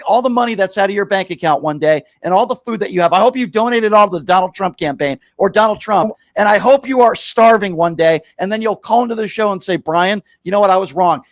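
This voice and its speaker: Heated man hosting call-in radio, high voice, yelling insults, dry booth. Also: no room sound. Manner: angry, shouting, insulting. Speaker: radio talk show host.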